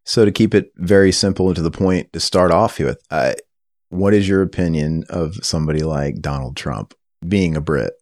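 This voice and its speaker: A man hosting a casual podcast chat across a table, energetic and rambling with fillers. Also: deep voice, moderate pace, no echo, studio quality. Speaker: podcast host. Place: table in a room.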